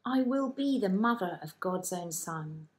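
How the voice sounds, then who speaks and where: A woman's voice: lively intonation, a little slow. A woman voicing young Mary, a girl who exclaims in disbelief in a children's Bible story. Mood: joyful. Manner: high, incredulous exclamations. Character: young girl Mary, amazed and wide-eyed.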